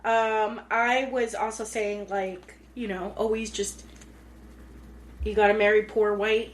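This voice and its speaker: A woman co-hosting a casual podcast from home, chatty and enthusiastic and quick to laugh. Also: mid-range voice, flat delivery. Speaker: podcast co-host. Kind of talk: casual chat. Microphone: pink studio mic.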